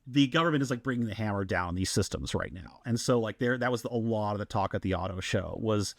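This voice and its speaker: A man, co-hosting a casual podcast and telling stories in an excited, animated way with many restarts. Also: lowish voice, quick pace, dry recording. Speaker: podcast co-host.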